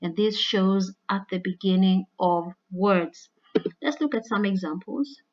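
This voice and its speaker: A woman's voice: medium pitch, unhurried, highs cut off. A woman, an English teacher, giving a recorded lesson that explains figurative language in a loose, conversational way. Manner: conversational with frequent "all right" and "you know".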